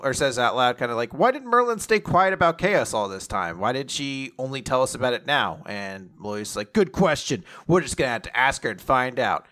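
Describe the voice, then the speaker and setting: A man with a middle pitch and a bright, forward voice hosts a casual podcast. He runs through comic chapters in a loose, filler-heavy way, now and then cursing when he loses a name. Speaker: podcast host. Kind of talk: casual chat recapping comics.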